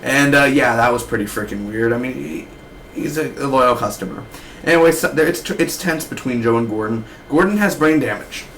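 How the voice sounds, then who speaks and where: Young male reviewer, loose and slangy, mid-pitched voice, rambling delivery. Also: brisk, a bit bright, a little hiss or hum, poor audio. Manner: slangy, loose, keeps saying man and dude. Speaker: TV show reviewer.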